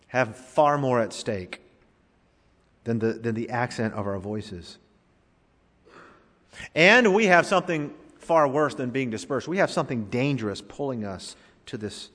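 Preacher in a reverberant hall. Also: male voice, mid-range voice, fairly bright tone. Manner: preaching with rising and falling emphasis, rhetorical questions. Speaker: pastor. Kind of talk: sermon.

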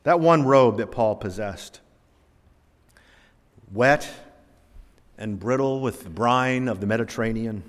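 Male preacher, mid-range voice, lively self-mocking storyteller, long hall reverb. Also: medium pitch, slow, pauses often. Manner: animated, self-deprecating storyteller. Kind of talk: sermon with personal storytelling.

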